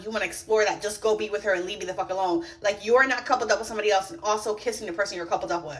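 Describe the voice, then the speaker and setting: Young woman, rapid, blunt and profane, animated reality TV rant, voice a little distant from the mic. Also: fairly high pitch. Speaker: reality TV commentator. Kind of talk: casual reaction rant.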